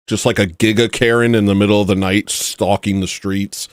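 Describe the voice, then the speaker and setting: A man's voice: fairly low pitch, fairly even intonation, normal speed, a little hiss or hum. A man hosting a casual livestream chat, rambling and joking at his own expense. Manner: rambling, joking, self-mocking. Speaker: livestream host.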